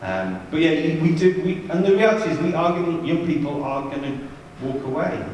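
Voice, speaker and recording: A man's voice: fairly high pitch, animated, fairly quick, a little mellow, slight background noise. A man leading a church youth ministry seminar, telling stories in a chatty, humorous way with asides. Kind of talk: anecdotal church seminar talk. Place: large church hall. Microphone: distant from the mic. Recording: echoey church hall from far off.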